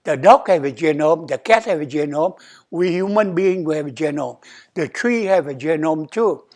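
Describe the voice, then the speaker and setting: A man's voice: fairly high pitch, lively intonation, moderate pace, a little mellow. An older man, an abbot, giving a sermon at a temple in simple English, often checking in with "okay?" and acting out quoted dialogue. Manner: non-native English, simple repetitive phrasing, asks "okay?"; acts out quoted dialogue with rising emphasis. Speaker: abbot giving a dharma talk. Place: temple hall.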